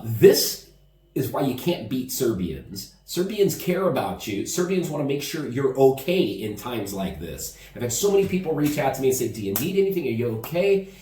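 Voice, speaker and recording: A man's voice: mid-range voice, darkish tone, slight background noise. A man from the United States talks animatedly in a casual home vlog and laughs easily as he tells stories. His voice sounds roomy and echoey. He is a little distant from the camera mic. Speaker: vlogger. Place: indoor room at home.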